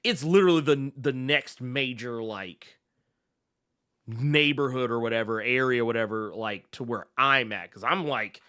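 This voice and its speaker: A man's voice: mid-range voice, a little slow, bright, forceful tone, smooth. A man from Memphis co-hosting a podcast, talking in a laid-back way, swearing and correcting himself. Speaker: podcast co-host. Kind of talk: casual podcast chat.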